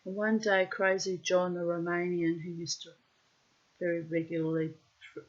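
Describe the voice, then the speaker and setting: This is a middle-aged woman with a fairly low voice. She spins a personal yarn bluntly, swearing freely and loudly acting out every quoted line. The recording is dull and lo-fi. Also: normal speed. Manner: animated, acts out quotes loudly. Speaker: storyteller. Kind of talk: personal anecdote monologue. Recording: muffled lo-fi recording.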